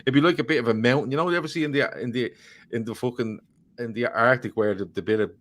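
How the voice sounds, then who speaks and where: A man's voice: medium pitch, quick pace, fairly bright tone. A man co-hosting a casual football podcast, rambling, swearing freely and joking as he reads viewer comments. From Ireland. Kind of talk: casual chat.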